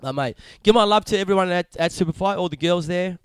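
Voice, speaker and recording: A man's voice: high-pitched, fast, clean tone, dry recording. A man hosting a podcast interview, chatting in a matey, rambling way with lots of swearing and fillers. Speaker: podcast host. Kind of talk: casual chat.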